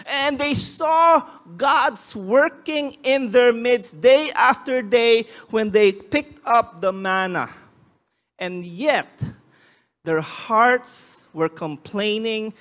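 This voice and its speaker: Very high-voiced male pastor preaching. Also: expressive, slow pace, fairly bright tone. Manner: emphatic preaching, acting out quoted voices; frequent restarts. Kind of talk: sermon.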